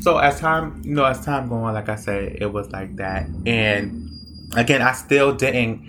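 A young man recounts a personal memory in a loose, meandering way, stopping and restarting his sentences. His voice sits at an ordinary middle pitch. Soft music plays faintly behind him. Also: measured pace. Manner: rambling, conversational, many fillers and restarts. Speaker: storyteller. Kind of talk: casual personal storytelling.

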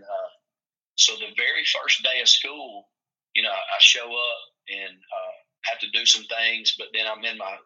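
A football coach from Tennessee, telling rambling, folksy stories in casual chat. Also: male voice, medium pitch, pushed and bright. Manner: folksy, rambling, acts out quoted voices. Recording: muffled lo-fi recording.

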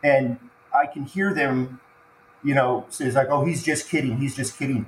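Man haltingly telling a near-death story. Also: medium pitch, fairly even intonation, slight background noise. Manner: halting, repeats words and restarts when moved. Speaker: podcast guest. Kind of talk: emotional personal storytelling. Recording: echoey room with faint ambience.

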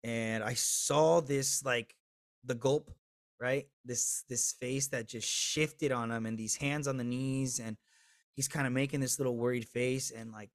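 A man in his thirties, a podcast guest telling a candid personal story with swearing, swinging between loud and hushed. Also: medium pitch, fairly even intonation, unhurried, dry recording.

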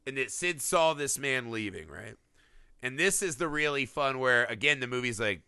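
A man's voice: medium pitch, moderate pace, smooth, no echo. A man in a casual film discussion, talking animatedly and acting out lines from scenes. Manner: animated, acts out movie lines.

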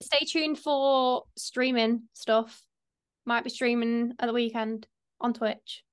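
A woman's voice: on the high side, flat delivery, takes it slowly, smooth. A young woman hosting a casual podcast, chatting in a rambling way with lots of fillers. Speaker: podcast host.

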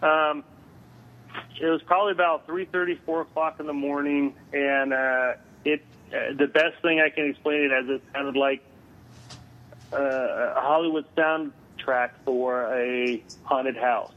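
A man, a guest on an interview, telling a story over the phone, halting with many filler sounds. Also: medium pitch, fairly even intonation. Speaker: guest paranormal investigator. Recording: tinny phone line.

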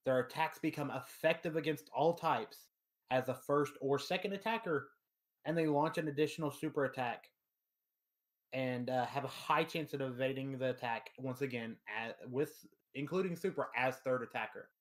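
Here the podcast co-host speaks at a normal speed in a mid-range voice. He's on a computer mic over a remote call, enthusiastically reading game stats and tossing in playful asides.

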